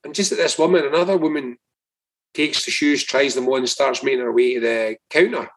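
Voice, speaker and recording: A Scottish man, a guest on a podcast, telling stories in a lively, emphatic way and swearing freely. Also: mid-range voice, fairly quick, husky. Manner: animated, emphatic storyteller who swears freely. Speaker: guest, political strategist. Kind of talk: casual podcast conversation, storytelling.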